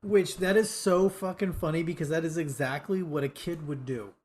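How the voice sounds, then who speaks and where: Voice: medium pitch, normal speed, darkish tone. A podcast guest who chats casually about a movie, swearing, joking and playfully correcting the others.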